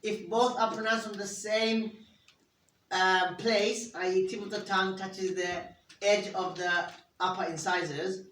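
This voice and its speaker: A patient teacher runs an interactive classroom lesson, putting questions to pupils and modelling each sound for them to say back. The voice sits at a middle pitch and is caught from a distance in a roomy classroom. A faint hiss of noise runs underneath. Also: a bit bright.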